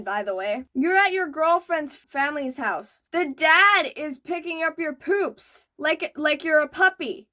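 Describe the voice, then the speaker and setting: A young woman hosting a reaction video, reading posts aloud and breaking in with loud, exasperated outbursts. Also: sits high, unhurried, hardly any pauses.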